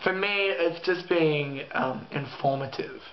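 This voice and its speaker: A man in casual chat, joking and teasing with quick laughs. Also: on the high side, muffled recording, slight background noise. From Australia. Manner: joking, teasing, laughs at his own jokes. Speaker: co-vlogger.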